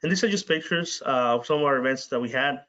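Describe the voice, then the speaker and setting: A man in the middle of his range presents on a webinar, halting often with filler sounds between phrases. The audio sounds muffled, as from a video call. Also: medium pitch, fairly bright tone. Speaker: presenter for a community organization.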